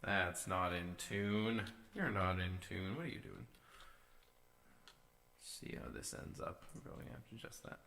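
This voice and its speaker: A man's voice: low-pitched, moderate pace, vocal fry, sharp tone. A man casually talking through his vocal edits on a live stream, musing to himself as he works. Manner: musing to himself, sings short takes. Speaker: streamer producing music.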